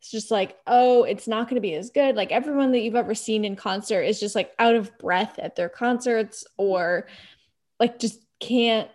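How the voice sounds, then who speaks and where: A woman's voice: on the high side, normal speed, a little mellow. Chatty young woman from Texas. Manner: chatty, rambling with many "like"s. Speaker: guest. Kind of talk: casual chat.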